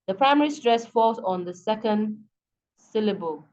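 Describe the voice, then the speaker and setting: A woman's voice: mid-range voice, normal speed, a little mellow, muffled recording. A woman with a Nigerian accent teaching an online English lesson, explaining patiently and often checking that students understand. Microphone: video call.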